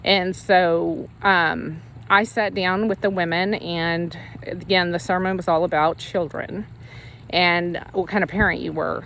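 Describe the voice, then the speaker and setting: A woman's voice: on the low side, fairly even intonation, unhurried, a bit bright, a little hiss or hum. A woman sharing a personal faith testimony in casual, earnest storytelling, emotional and rambling with frequent restarts. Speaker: Christian ministry leader sharing her testimony.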